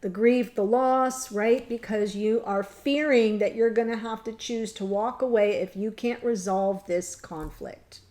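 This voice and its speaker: A woman's voice: a little high, steady tone, a little slow, few pauses, darkish tone. Earnest woman reading tarot to viewers. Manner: earnest, emotional, talks directly to viewers. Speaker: tarot reader. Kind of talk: casual tarot reading to camera.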